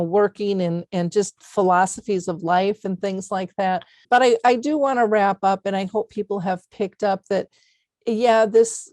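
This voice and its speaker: A woman's voice: medium pitch, a little mellow, dry recording, studio quality. A middle-aged woman hosting an interview podcast, telling personal stories in an earnest, heartfelt way with many fillers. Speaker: podcast host. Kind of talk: conversational interview.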